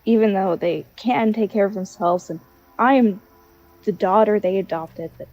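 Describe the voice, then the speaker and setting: A woman playing a young woman writer who misses her family, speaking softly and hesitantly. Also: mid-range voice, normal speed, highs cut off, faint music behind, lightly acted. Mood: heartfelt. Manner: soft, hesitant, heartfelt.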